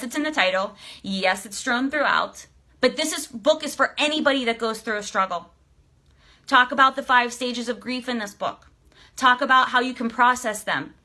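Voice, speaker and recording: A woman life coach talking on a live stream, emotional and excitable, swearing freely as she fires coaching questions at her viewers. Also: fairly high pitch. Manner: emphatic, coaching questions to the audience. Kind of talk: motivational live stream talk.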